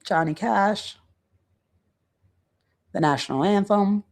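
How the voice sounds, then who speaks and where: Her voice is mid-range, gravelly and a little mellow as she hosts a true crime channel. She reads out quotes in a casual way, adds her own remarks, and occasionally stops to hunt through her notes.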